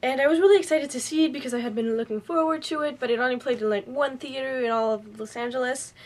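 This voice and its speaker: Young woman vlogging, chatty and bubbly, kinda high voice. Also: fast talker. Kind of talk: casual vlog chat.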